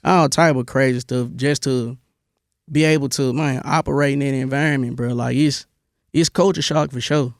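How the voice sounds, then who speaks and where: A young man from Memphis, telling his army stories in a relaxed interview, with a lot of "bro" and many restarts. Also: mid-range voice, normal speed, no room sound, studio quality. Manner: laid-back storytelling, lots of "bro" and restarts. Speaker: interview guest, army veteran. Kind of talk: casual interview.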